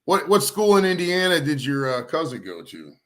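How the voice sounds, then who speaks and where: A middle-aged man from Ohio, USA, calls in as a guest for a casual chat, laid-back and swearing freely. His voice is a little high and a bit bright, swinging widely in pitch at a moderate pace.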